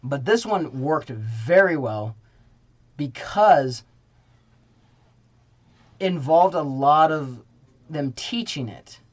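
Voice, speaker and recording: A man's voice: fairly high pitch, takes it slowly, long pauses. A young man casually reviewing a student play, rambling and correcting himself as he goes. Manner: rambling, self-correcting, animated. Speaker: theater reviewer. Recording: dull lo-fi sound.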